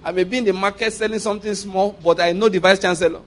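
Nigerian pastor, high-pitched male voice, animated storyteller, acts out characters in a sermon. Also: fast talker. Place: church.

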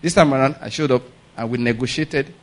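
Pastor preaching a lively sermon. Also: male voice, mid-range voice, a little fast. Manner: animated storytelling with pidgin asides, laughing; repeats questions to the congregation.

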